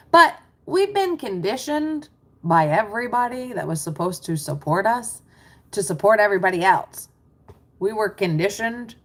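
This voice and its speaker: A woman's voice: medium pitch, a bit bright. A middle-aged American woman coaching live on a stream, chatty and reassuring as she reads questions and replies to the chat. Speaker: mindset business coach. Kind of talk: livestream coaching talk.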